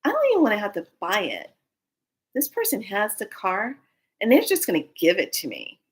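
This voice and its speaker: A woman's voice: medium pitch, huge pitch swings, normal speed, husky. A woman shares a personal story as a spiritual speaker. She tells it expressively, slipping into the voices of the people in it as she acts out their dialogue.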